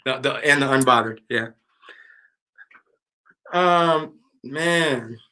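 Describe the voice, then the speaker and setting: A man's voice: medium pitch, extremely slow, pushed and bright. A man hosting a live stream, chatting casually and playfully with his viewers in slangy talk. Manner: playful, slangy, talks to the chat. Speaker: livestream host.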